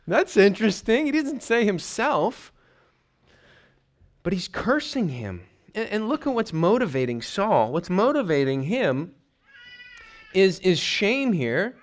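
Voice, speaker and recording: Animated preacher, lively pitch swings. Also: male voice, unhurried. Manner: reads scripture aloud then explains it, asking the listeners questions. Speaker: pastor. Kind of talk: expository sermon.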